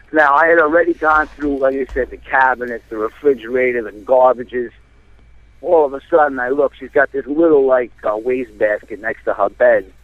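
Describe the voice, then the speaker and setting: A man from New Jersey, calling in and telling a rambling, animated story with lots of fillers. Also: mid-range voice, normal speed, no room sound. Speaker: caller. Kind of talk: casual storytelling. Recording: tinny phone line.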